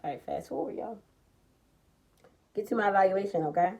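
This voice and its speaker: A young woman in a casual storytime vlog, telling a personal story in a heated, profane, animated way and acting out the dialogue. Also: medium pitch, a little fast.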